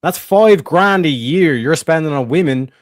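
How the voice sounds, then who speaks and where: An Irish man argues in a live online debate, combative and sarcastic, cursing freely. His voice sits fairly high, and the sound is dry and close, with no room around it. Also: lively intonation, moderate pace, dry recording.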